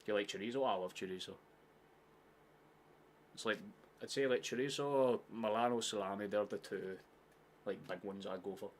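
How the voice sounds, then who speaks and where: A man hosting a live football watchalong, chatting casually, swearing often and shouting at big chances. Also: fairly low pitch, fairly even intonation, normal speed, pauses often, a little hiss or hum.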